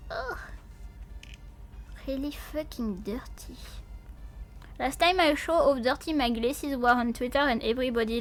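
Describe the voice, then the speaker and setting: A high-pitched woman chatting casually with her stream viewers, playful and goofy, with a lot of cursing. She speaks at an unhurried, drawn-out pace and sounds a little sleepy. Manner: playful, silly, swears often, talks to chat. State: sleepy, yawning. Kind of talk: casual livestream chat.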